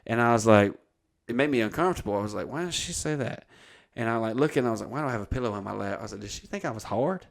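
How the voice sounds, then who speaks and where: A man with an Alabama Southern accent tells a rambling, profane comedic story as a podcast host. His voice sits a little low, and he acts out each line of dialogue in casual chat. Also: very fast, gravelly. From Oxford, Alabama. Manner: profane, rambling, animated retelling of conversations.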